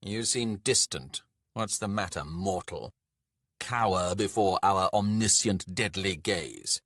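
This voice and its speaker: Gruff, impatient dwarf lords bark and curse with open contempt, as a man reads them. The voice is husky and low, recorded close and dry like an audiobook studio. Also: slow, no echo, heavily acted. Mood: scornful. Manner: loud, swearing and scornful. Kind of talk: audiobook character voice.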